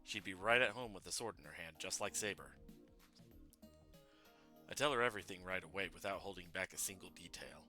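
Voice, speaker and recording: A man's voice: low voice, brisk, long pauses, pushed and bright, faint music behind. A man streaming a game, reading its narration aloud in a plain, earnest voice.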